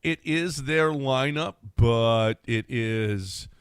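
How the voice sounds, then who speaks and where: A man's voice: mid-range voice, very slow, clear, resonant tone, dry recording, studio quality. Chatty male sports radio host. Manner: chatty, laughs easily, trails off and restarts. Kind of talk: casual sports talk. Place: radio studio. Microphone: studio mic.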